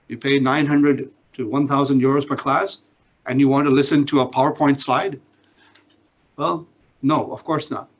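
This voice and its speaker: A man teaching a classroom of students, his voice sitting a little high and carrying a husky, slightly rough edge. He speaks directly and keeps checking that the class is following. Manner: direct, repeatedly checks with "all right?". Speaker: business school professor. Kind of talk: classroom instruction.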